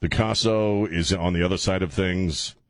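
A man's voice: low-pitched, fairly even intonation, normal speed, no room sound, clean studio sound. A man hosting a talk radio show, rambling and joking with frequent laughs and filler stumbles. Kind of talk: casual talk radio monologue.

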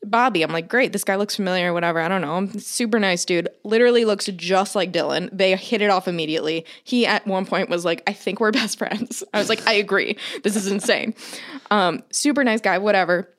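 A woman's voice: mid-range voice, fast, hardly any pauses. A woman in her thirties, co-hosting a podcast, telling a long story in casual chat and swearing freely. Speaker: podcast co-host.

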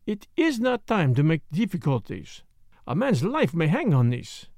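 Fussy older detective, excitable and exacting, put on by a male audiobook reader; dry, close sound. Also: a little high, a little slow, dry recording. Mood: grave. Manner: precise, emphatic, muttering to himself. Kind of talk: audiobook character voice.

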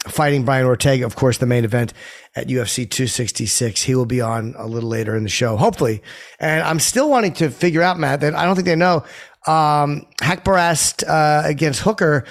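A man hosts a casual podcast with a stuffed-up, congested nose from a cold. He talks in a slightly raised register and fills his sentences with pauses and "uh"s. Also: a little high. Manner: halting, many fillers. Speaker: podcast host.

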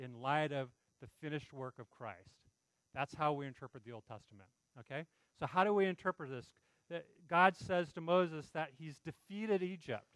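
A man's voice: a little high, clean tone, no room sound, poor audio. A man preaching a sermon in an earnest, pleading, conversational way, often checking in with his listeners. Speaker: pastor.

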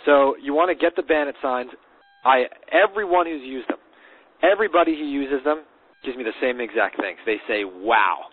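A man's voice: mid-range voice, expressive, fairly quick, breathy edge, no room sound. A man co-hosting a casual business talk, confidently telling how he handles deals and repeating words while thinking, heard over a phone line. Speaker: podcast co-host. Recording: dry phone-line sound.

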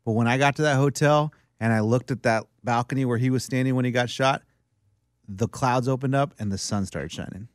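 A man in a casual podcast chat, teasing and cutting in with quick questions. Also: mid-range voice, no echo, clean studio sound. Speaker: podcast co-host.

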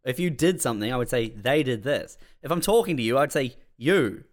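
A man co-hosting a comedy podcast, talking in a dry, deliberate and pedantic way. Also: mid-range voice, expressive. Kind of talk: casual podcast banter.

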